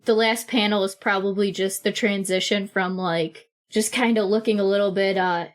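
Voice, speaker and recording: A woman's voice: mid-range voice, fairly even intonation, normal speed. A woman playing a tabletop role-playing game, talking in a chatty, playful way. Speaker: player. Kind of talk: casual tabletop play.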